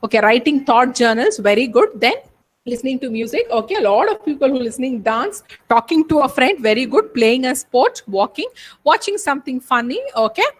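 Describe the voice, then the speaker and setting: A woman speaking on a webinar call with an Indian English accent, giving students an emphatic, animated talk on handling exam stress. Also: high voice, fairly quick. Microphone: video call.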